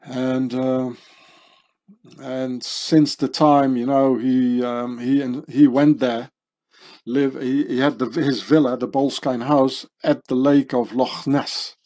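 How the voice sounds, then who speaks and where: A man works through a loose, meandering monologue, circling back and restarting his sentences with fillers. His delivery is unhurried and drawn out. His voice sits mid-range with a dark, mellow colour. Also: medium pitch, flat delivery. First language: German. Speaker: commentator. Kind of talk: rambling monologue over images.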